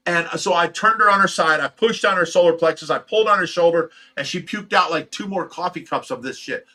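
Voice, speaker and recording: A man's voice: fairly high pitch, bright, forceful tone. A man hosting his own channel, telling a painful personal story to his viewers in a raw, rambling, emotional way. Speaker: host of a fish rescue channel.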